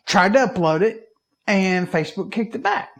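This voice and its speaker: A man from Alabama, co-hosting a podcast and telling a story in a lively way, acting out his own panicked reactions. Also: sits high, moderate pace. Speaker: podcast co-host. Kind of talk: casual chat.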